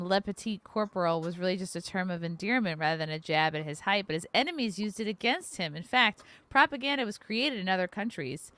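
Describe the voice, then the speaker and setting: A woman's voice: medium pitch, a bit bright, dry recording. A woman hosting a podcast, reading facts aloud in casual chat and cracking crude jokes. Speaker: podcast host.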